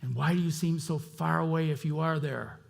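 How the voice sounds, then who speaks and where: Man, middle-aged, pastor, sermon, gravelly, somewhat high voice, impassioned, conversational. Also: moderate pace. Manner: impassioned, conversational, swings between loud outbursts and quiet asides.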